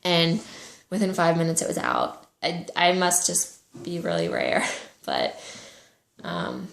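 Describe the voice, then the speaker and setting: A young woman in her twenties telling a personal story to camera, soft-spoken and halting, with many pauses and fillers. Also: fairly low pitch, huge pitch swings, gravelly, reverberant. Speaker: vlogger.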